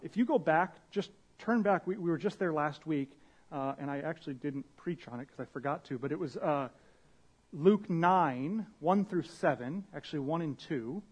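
A man's voice: on the high side, darkish tone, breathy edge. A young man preaching a sermon as a pastor, casual and conversational, with slang, restarts and Bible readings.

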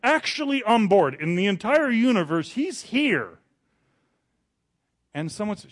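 A man preaching a sermon, telling the story with dramatic rises, then turning quiet and confessional. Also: sits high, sing-song, unhurried. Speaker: pastor.

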